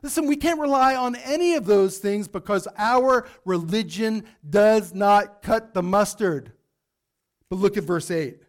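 A male pastor preaching a sermon emphatically, acting out quotes and dropping to a low, intense hush for warnings. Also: measured pace. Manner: emphatic, acts out scripture quotes.

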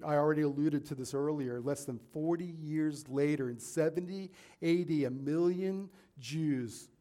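Male pastor, sermon delivery, earnest with emphatic peaks, slightly high-pitched. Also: dark tone. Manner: earnest, rising to emphatic peaks, with asides and paraphrases.

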